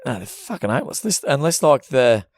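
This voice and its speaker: A man's voice: medium pitch, sing-song, brisk, darkish tone, no echo, clean studio sound. An Australian man co-hosting a podcast, riffing crude jokes in casual banter and swearing freely. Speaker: podcast co-host.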